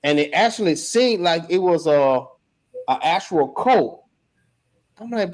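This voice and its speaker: A young man telling a story in casual chat, slangy and animated, acting out the shouts he heard. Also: high voice, a little slow. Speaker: member recounting an event.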